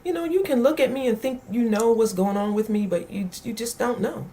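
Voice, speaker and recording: A woman's voice: a little high, a little fast, warm tone. A woman author on a talk show, speaking in an earnest, heartfelt way about faith and forgiveness. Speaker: author guest.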